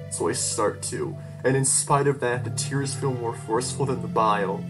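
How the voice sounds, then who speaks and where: A storyteller reading a first-person horror story aloud, with an emotional, tearful delivery and frantic outbursts. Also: mid-range voice. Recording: guitar music playing behind the voice.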